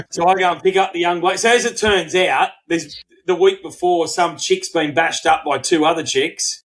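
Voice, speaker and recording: A middle-aged Australian man co-hosts a podcast, telling a story during casual chat. He swears freely and acts out quotes in animated bursts. His voice sits high, and the recording quality is low.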